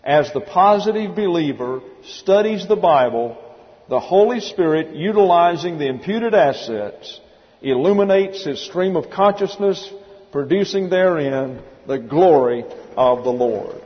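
A man with a higher voice, animated yet unhurried, preaches as a pastor in an expository Bible teaching sermon. His style is emphatic: he goes word by word and spells out Greek words letter by letter. The church hall recording is dull and long in reverb.

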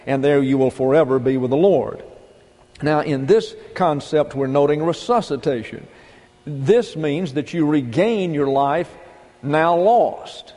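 A man's voice: fairly high pitch, measured pace, warm tone, big-room sound. A male pastor preaching a sermon in a folksy, emphatic way, asking rhetorical questions.

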